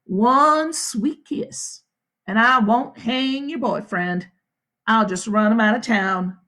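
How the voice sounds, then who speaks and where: A woman voicing a drunk, leering male frontier sheriff who speaks in a slow, mocking drawl. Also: on the high side, pushed and bright.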